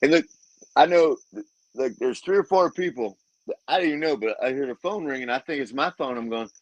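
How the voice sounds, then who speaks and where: A man's voice: medium pitch, brisk, dry recording, lo-fi sound. A man co-hosting a casual chat, laid-back, chiming in with short replies. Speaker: podcast co-host.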